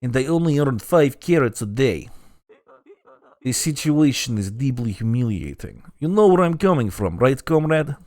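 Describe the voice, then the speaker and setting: A talking donkey with a grudge against his boss, voiced by a man grumbles in a sardonic, griping way. His pitch moves around a lot, and the mic sound is dry. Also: very animated, moderate pace, a little mellow, no room sound, close to an everyday voice. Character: grumbling male talking donkey, worker revolutionary.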